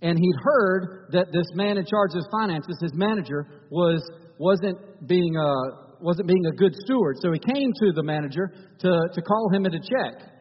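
A man with a high, husky voice preaches a conversational sermon in a church. His phrases often restart as he talks. The recording is dull and carries a long hall reverb. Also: normal speed. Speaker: pastor.

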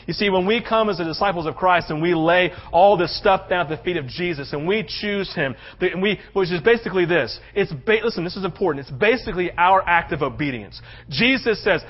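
A man's voice: high voice, fairly quick, hardly any pauses. A man preaching a sermon as a pastor, telling the story dramatically and slipping into voices for the characters. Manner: animated storytelling, acting out voices. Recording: muffled lo-fi sound.

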